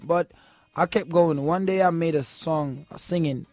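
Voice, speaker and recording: Jamaican guy telling his story, easygoing, kinda high voice, faint music behind. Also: a little slow, darkish tone. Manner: laid-back storytelling, keeps asking "you know what I'm saying". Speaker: musician guest. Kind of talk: casual interview talk.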